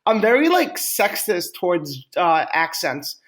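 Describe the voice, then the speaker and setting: A man's voice: sits high, big pitch swings, measured pace, a bit bright. A man co-hosting a comedy podcast, rambling and stammering through casual banter. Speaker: podcast co-host.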